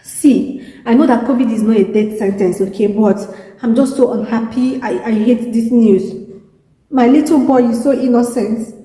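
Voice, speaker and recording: A young Nigerian woman with a Nigerian accent talks to her viewers from a hospital room, tearful and exhausted. Her voice is mellow and dark, and she keeps circling back over the same words in a weary, pleading way. The room is echoey, with a lingering reverb. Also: on the high side, fairly even intonation, moderate pace. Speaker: vlogger. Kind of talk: emotional video diary.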